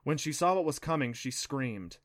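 A man narrating a children's adventure storybook in a steady, expressive reading. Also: a little high, moderate pace, dry recording, clean studio sound. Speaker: audiobook narrator.

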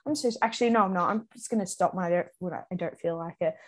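A woman's voice: fairly low pitch, rapid-fire. A young woman co-hosting a podcast in casual, rambling, self-mocking chat. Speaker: podcast co-host.

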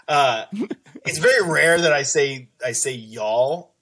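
A man from East Texas, a podcast guest at home, talking in a relaxed, rambling, casual way. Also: mid-range voice, slow pace. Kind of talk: casual chat.

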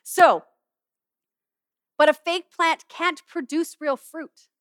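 A middle-aged woman pastor giving an animated, humorous sermon in a conversational way. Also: sits high, slow, dry recording, studio quality. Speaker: pastor and student chapel speaker. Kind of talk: sermon with object lesson.

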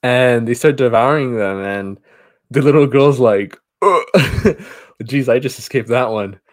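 A man in casual podcast chat walks through a film's story in a loose, rambling way, doubling back on his words and stopping to restart sentences. His voice sits at an ordinary middle pitch and his tone stays relaxed and conversational. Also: moderate pace. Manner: rambling retelling with many restarts. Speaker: podcast co-host. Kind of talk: casual movie review chat.

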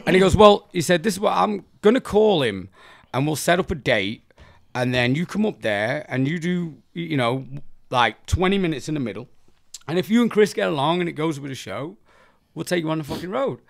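An English man, a comedian, telling wild stories in casual podcast chat, profane and animated. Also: on the high side, a little fast, vocal fry, no room sound, clean studio sound. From England. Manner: profane, animated storytelling with laughter. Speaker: comedian co-host.

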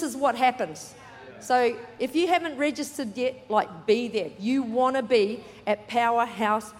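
A woman preaches a sermon with a bright, high voice. She talks in a chatty, animated way, slipping in jokes. Her voice rings with the long reverb of a large church hall. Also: normal speed. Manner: chatty and animated, laughing, joking asides. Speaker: pastor.

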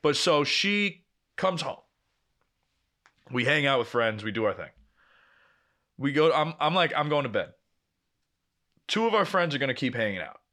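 A man's voice: medium pitch, very animated, moderate pace, long pauses, sharp tone. A young man co-hosting a podcast, telling a long, profane story in casual chat and acting out the dialogue as he goes. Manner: rambling, profane storytelling full of quoted dialogue. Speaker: podcast co-host.

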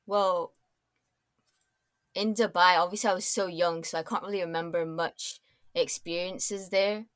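A woman's voice: fairly low pitch, steady tone, a little slow, pauses often, no room sound. A young woman with a Scottish accent, a podcast guest chatting casually and rambling through many fillers and restarts. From Scotland. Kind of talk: casual chat.

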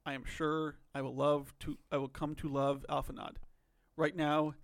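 Podcast co-host, male, slightly high voice, thoughtful and rambling. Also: level tone, normal speed, creaky. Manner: thoughtful, musing, many "like" fillers. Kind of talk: casual chat.

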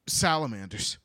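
Lively man retelling a story. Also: medium pitch, no room sound, clean studio sound. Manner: lively storytelling, laughs often. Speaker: podcast co-host. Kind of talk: casual chat retelling a book.

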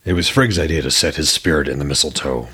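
A man's voice: very deep voice, fast, pushed and bright, slightly rough, voice pushed down, exaggerated voice. A man voicing a troubled male king of the gods, speaking grimly and shaken in a storybook reading. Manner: grim, shaken.

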